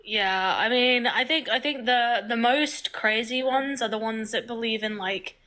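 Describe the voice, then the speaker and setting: A woman's voice: fairly high pitch, a little slow, sharp tone. A woman from Britain and Canada chatting casually on a livestream, filling her speech with "like". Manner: chatty, uses "like" a lot. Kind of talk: casual live-stream chat.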